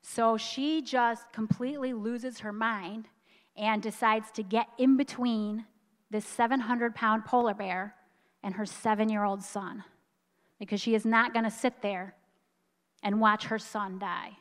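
A woman's voice: a little high, steady tone, fairly bright tone. Emotional woman preacher in echoing hall. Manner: storytelling, emphatic, slows down for emphasis. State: choked up with emotion. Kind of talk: sermon.

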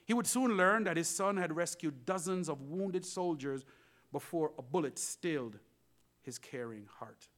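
Male pastor, lively sermon storyteller, bright and forceful tone, pitch a bit high. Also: measured pace. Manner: animated storytelling, addresses congregation.

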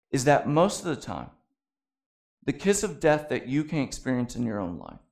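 A young adult man preaching a sermon, conversational and laced with humorous asides. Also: a little high. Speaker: pastor.

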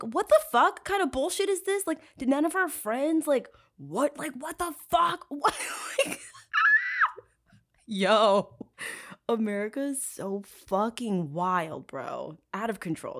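A woman hosting a true crime podcast, telling the story in casual chat. She is profane and sarcastic, laughs a lot, and swings from loud outrage to low asides. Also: expressive, unhurried. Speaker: podcast host.

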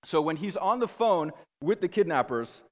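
A man giving a classroom lecture to students in a lively, conversational way, often checking in with his listeners. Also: high-pitched, moderate pace, in a large hall.

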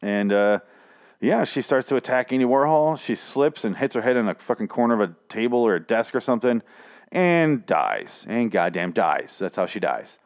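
A man's voice: mid-range voice, very animated, normal speed. A man casually recapping a TV episode, swearing and sarcastic, rambling with lots of restarts. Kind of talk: casual spoken recap and review.

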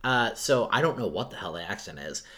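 A man's voice: lowish voice, big pitch swings, brisk, a bit bright. A man co-hosting a casual movie review podcast, rambling with lots of filler words. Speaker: podcast co-host.

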